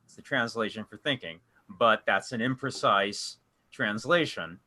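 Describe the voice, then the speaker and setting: Guy running a casual discussion group, bright lowish voice, rambles and restarts a lot. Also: measured pace. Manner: rambling, with many restarts and fillers.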